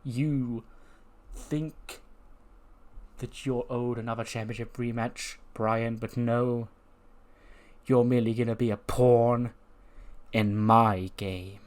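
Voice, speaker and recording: A man's voice: mid-range voice, fairly even intonation, slow pace, pauses often, darkish tone, close to an everyday voice. A man doing a cocky heel wrestler's taunting promo. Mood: arrogant. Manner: taunting, swaggering promo delivery.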